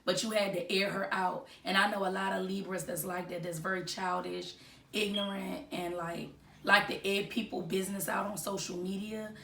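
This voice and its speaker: A chatty woman talking gossip in a gravelly voice, with lots of fillers as she retells who said what. She sounds a little far from the mic in an echoey room, with a faint hiss underneath. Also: mid-range voice, fairly even intonation, normal speed, fairly bright tone. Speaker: celebrity gossip commentator. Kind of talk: casual commentary.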